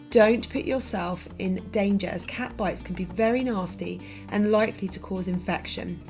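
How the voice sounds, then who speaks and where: A woman gives a scripted voice-over narration, her pitch in a middle range. She reads in a clear, even, informative way, with faint music running under her voice.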